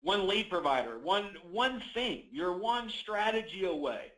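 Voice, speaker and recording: A man's voice: high-pitched, big pitch swings, measured pace, fairly bright tone, roomy sound, rough recording. A man coaching real estate agents in an emphatic motivational talk, repeating key phrases and acting out sales calls.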